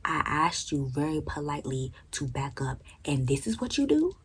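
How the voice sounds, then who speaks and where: Brief: young woman vlogger, low husky voice, animated, profane storytime with whispered emphasis. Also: normal speed, poor audio. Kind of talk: storytime vlog.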